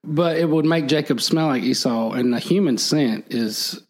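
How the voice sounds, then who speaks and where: A man's voice: a little high, moderate pace, rough recording. A man in casual chat, retelling an old story and acting out the characters' lines in a lifted voice, laughing now and then. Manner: acts out the characters' lines with a raised voice; laughs easily while telling.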